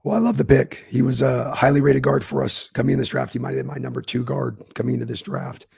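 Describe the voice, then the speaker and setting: A man co-hosting a casual podcast chat, his voice going hoarse, talking confidently through his analysis with filler ums. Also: medium pitch, little pitch movement, quick pace, a little mellow, no room sound, clean studio sound. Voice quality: gravelly, husky. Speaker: co-host.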